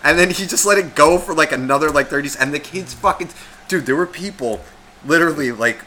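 A man's voice: fairly high pitch, a little fast, slight background noise. A man in his thirties telling a story in casual podcast chat, swearing often and acting out other people's lines. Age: 30s. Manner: animated, profane, acts out quoted voices. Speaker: podcast co-host.

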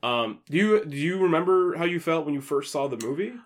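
Slightly high-voiced man steering a podcast. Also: lively intonation, brisk. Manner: asks questions, steers the talk, casual swearing. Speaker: podcast co-host. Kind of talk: casual film chat.

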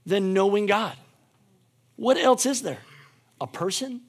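A man preaching a sermon as pastor, moving between shouted fervor and quiet, intimate appeals, with phrases repeated for emphasis. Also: high voice, expressive, slow, husky.

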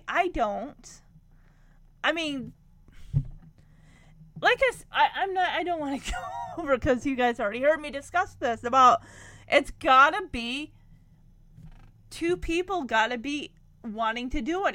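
A woman chatting through a casual reaction commentary, laughing often and acting out quotes in quick voices. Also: high voice, fairly bright tone, dry recording. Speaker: reaction video host.

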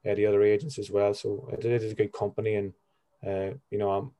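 Earnest Irish man, low and even. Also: fast talker. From Ireland. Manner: earnest, full of "you know" fillers. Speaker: football agent guest. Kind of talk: casual podcast chat.

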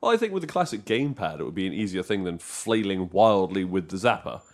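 Animated man chatting about games. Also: low voice. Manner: animated, jokey, quick bursts of excitement. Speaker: podcast co-host. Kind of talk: casual chat about games.

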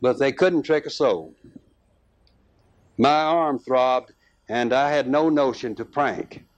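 A man reading a rural tale aloud as narrator, unhurried, with small restarts and fillers. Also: mid-range voice, highs cut off.

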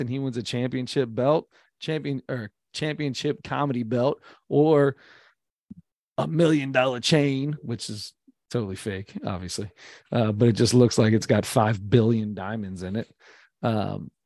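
A man co-hosting a podcast, talking in an excitable, rambling way with plenty of fillers. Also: medium pitch, dry recording, clean studio sound. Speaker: podcast co-host. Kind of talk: casual chat.

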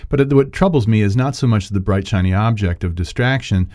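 A man co-hosting a podcast, talking politics in a casual, animated, digressive way and laughing often. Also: fairly low pitch, fairly quick. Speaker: podcast co-host.

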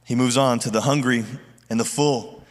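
A man's voice: medium pitch, steady tone, normal speed. A middle-aged man preaching a sermon as a pastor, earnest and conversational, often restarting his phrases. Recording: long hall reverb.

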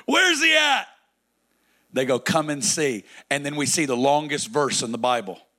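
A man preaching a sermon, dramatic, swinging between loud declarations and hushed, drawn-out lines. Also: fairly high pitch, sing-song.

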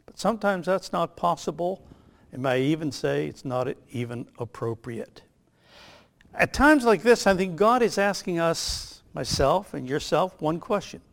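A man's voice: a little high, expressive, vocal fry. Older man preaching an emphatic sermon. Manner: emphatic, measured preaching with slowed key phrases. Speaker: pastor.

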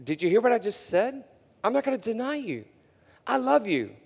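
A man's voice: extremely high pitch, sing-song, moderate pace, creaky, a little mellow, slightly rough, long reverb tail, voice pushed up, heavily acted. A man voicing a boastful, eager male disciple who protests his loyalty in rising, emphatic bursts. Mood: protesting.

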